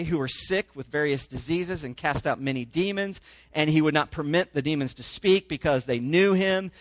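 A man with a slightly high voice preaches a conversational sermon, stopping often to check that his listeners follow. He reads scripture aloud with rising emphasis. The sound is close and dry. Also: a bit bright, no echo. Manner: conversational, checks in with "okay?", grows emphatic while reading. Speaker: pastor. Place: church in a small town.

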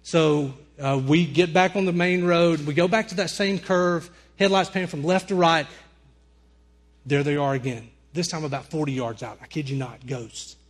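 A young man from Alabama with a Southern accent, preaching a sermon through a lively personal story, acting out his own screams and dialogue. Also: on the high side, moderate pace.

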